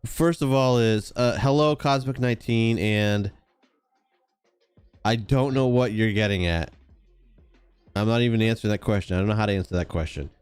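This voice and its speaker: A man's voice: fairly low pitch, moderate pace, pauses often, darkish tone, smooth, no room sound, faint music behind. A man co-hosting a stream in casual chat, teasing and reading chat aloud.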